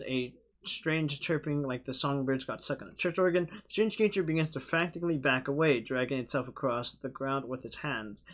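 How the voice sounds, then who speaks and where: A man's voice: fairly high pitch, a bit bright. A young man hosting a gaming video, reading the game's text aloud in a loose, joking way with offhand asides. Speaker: gaming channel host.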